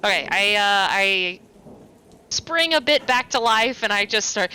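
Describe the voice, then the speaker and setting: A woman's voice: medium pitch, animated, unhurried, sharp tone, clear, resonant tone, rough recording. A woman playing an online tabletop game, chatty and laughing between lines. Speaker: player.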